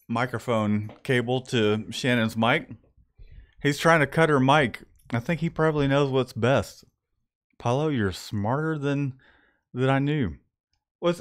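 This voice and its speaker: A man hosting a casual live stream from a screen printing shop, relaxed and laughing often. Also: medium pitch. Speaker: host.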